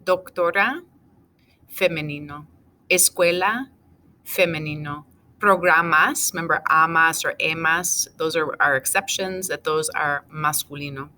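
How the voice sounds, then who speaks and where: Woman, teacher, recorded class lecture, low pitch, faint background noise. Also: a little slow, sharp tone. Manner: methodical, going over answers item by item. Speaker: Spanish teacher.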